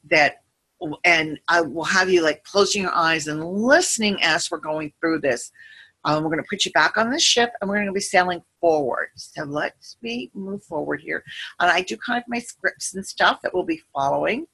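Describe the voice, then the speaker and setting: A woman with a bright, forward voice and a husky edge to it talks listeners through a guided visualization. She speaks gently and soothingly, drifting between imagery and casual asides. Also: on the low side. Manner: meandering, gentle, soothing storytelling. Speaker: meditation guide.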